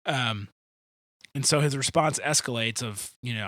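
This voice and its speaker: A man hosting a podcast, telling a story in an animated, joking way in casual discussion. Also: medium pitch, a little slow, dry recording, clean studio sound. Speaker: podcast host.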